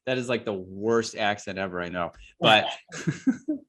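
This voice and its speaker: A man's voice: lowish voice, unhurried, fairly bright tone. A man hosting an interview, talking emphatically and addressing his listeners as guys. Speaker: host and course creator.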